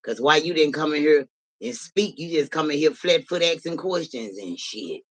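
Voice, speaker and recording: A man runs a casual livestream and answers his viewers' comments out loud. He talks bluntly and swears freely, with an animated edge to his fairly high voice. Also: normal speed, low-quality recording. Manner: blunt, profane, animated, talks back to chat. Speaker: livestream host.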